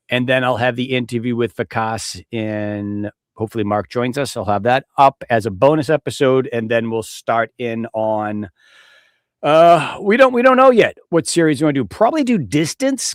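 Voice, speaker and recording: A man's voice: medium pitch, no room sound, studio quality. Rambling, swearing middle-aged man. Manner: rambling, profane, self-deprecating. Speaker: podcast host. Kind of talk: casual podcast chat. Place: home studio with a close mic.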